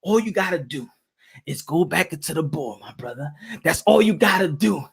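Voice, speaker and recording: A high-voiced man delivers a boxing pep talk with a preacher's insistence. He repeats himself for emphasis. At times he rises to a shout. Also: lively intonation, moderate pace, gravelly, breathy edge. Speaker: boxing commentator and channel host. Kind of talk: animated monologue skit.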